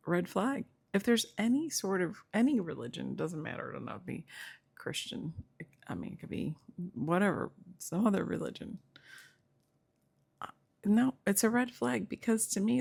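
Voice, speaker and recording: Gravelly, husky-voiced middle-aged woman. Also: medium pitch, a little mellow. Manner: rambling, digressive, chuckling. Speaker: YouTube commentator. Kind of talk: casual chat.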